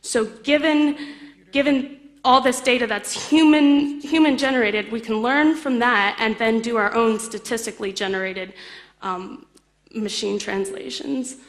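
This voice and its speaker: A woman's voice: on the high side, steady tone, measured pace. A woman presenting a technical conference talk in a casual, explanatory way, with fillers and the odd light laugh. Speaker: conference speaker. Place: lecture hall.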